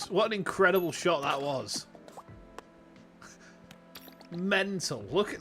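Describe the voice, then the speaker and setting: A chatty man with a Yorkshire accent, talking through a game on a livestream with a slightly raised pitch. He gets excitable and swears freely as he greets his chat. Faint music plays underneath. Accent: Yorkshire English. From Yorkshire, England. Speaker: streamer. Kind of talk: casual gaming livestream commentary. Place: warm room at home with fans running.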